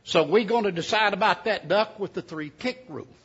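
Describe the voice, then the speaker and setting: A man voicing a scrawny ninety-year-old mountain man, stubborn and sly, talking in a slow folksy drawl. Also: sits high, a bit bright, husky. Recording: dull lo-fi sound.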